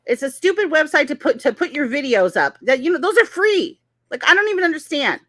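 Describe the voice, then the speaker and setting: A woman's voice: sits high, very animated, a little fast, fairly bright tone, no room sound. A woman co-hosting a casual commentary chat, blunt and mocking, laughing often. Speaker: co-host.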